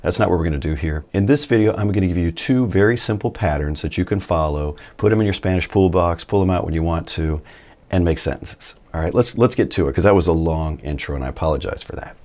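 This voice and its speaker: A man giving a relaxed, chatty video lesson, with folksy asides, a little tired early in the morning. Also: deep voice, fast talker. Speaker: Spanish teacher.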